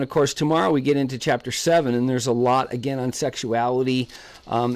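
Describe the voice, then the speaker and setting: A man hosting a casual devotional vlog from his art studio, talking conversationally and piling up repeated phrases. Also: medium pitch. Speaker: ministry vlogger and Bible teacher.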